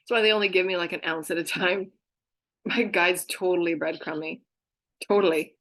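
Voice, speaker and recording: A woman's voice: on the low side, normal speed, fairly bright tone. A woman talking casually as a spiritual channeler, gushing about her guides and breaking into laughter again and again. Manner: giggly, keeps breaking into laughter; affectionate, gushing. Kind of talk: casual chat, relaying messages from spirit guides.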